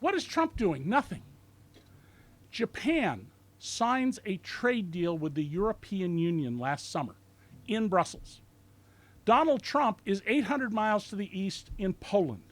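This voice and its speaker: A man in his sixties giving a talk at a bookstore event, telling stories in a lively, sardonic way and mocking the people he quotes. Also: high-pitched, unhurried. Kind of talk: lecture to a live audience.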